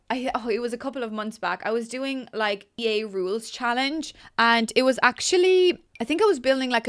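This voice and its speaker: A young woman with a slightly high voice talks through her game build in a loose, chatty way. She gushes and bubbles, piling on filler words as she goes. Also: a bit bright. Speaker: game building content creator. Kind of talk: casual gameplay commentary.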